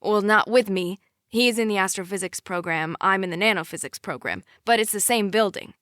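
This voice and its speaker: A woman's voice: mid-range voice, fairly quick, fairly bright tone, clean tone, no echo, clean studio sound, close to an everyday voice. A woman reading the lines of a protective young man, an easygoing older brother who turns firm about his sister, in an audiobook. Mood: nervous, eager. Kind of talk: audiobook character voice.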